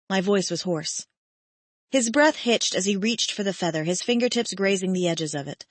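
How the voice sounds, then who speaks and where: A woman narrating a romance audiobook in the first person, emotive and measured. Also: lowish voice, animated, dry recording.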